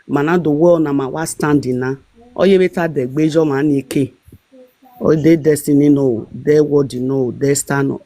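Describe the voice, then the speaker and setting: A woman's voice: deep voice, warm tone, dry recording. A woman with a Nigerian accent hosting a casual live stream, talking in a rambling, emphatic way with many fillers.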